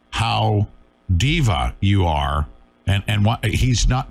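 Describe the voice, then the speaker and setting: Middle-aged man hosting a live show, emphatic and urgent, with an animated pitch. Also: gravelly. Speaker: talk show host. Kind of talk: live online talk show.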